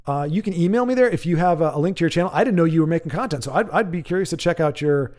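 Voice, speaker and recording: Higher-voiced man hosting a chatty stream. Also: racing. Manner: rambling, animated tangents with frequent restarts. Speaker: livestream host. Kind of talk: casual livestream chat, reading viewer comments.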